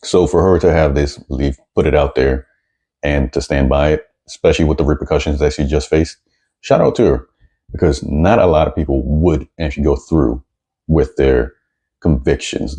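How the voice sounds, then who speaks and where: A man's voice: extremely low pitch, dark tone. A man giving blunt, sarcastic commentary while reacting to news clips, often repeating words as he gets going.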